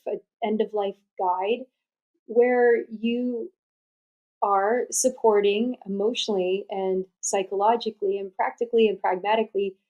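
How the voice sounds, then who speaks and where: A woman tells a personal story as a podcast guest. Her voice sits a little higher than most women's, and her delivery is animated and chatty, broken up by frequent laughs. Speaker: podcast guest, death doula. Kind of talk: storytelling in an interview.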